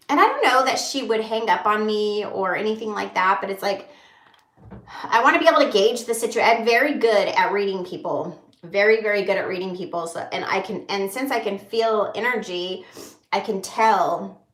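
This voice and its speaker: A woman in her thirties talks candidly to viewers on a livestream, rambling from one thought to the next and stopping to read comments. Her voice has a gravelly, fry-laden edge and sits at a middling pitch. The room around her is echoey. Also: fairly bright tone. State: holding back tears. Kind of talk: casual livestream chat.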